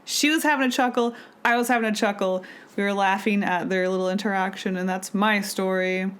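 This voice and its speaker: A woman's voice: medium pitch, steady tone, brisk, clear, resonant tone. A woman co-hosting a podcast, chatting casually and rambling with lots of fillers. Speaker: podcast co-host. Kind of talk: casual chat.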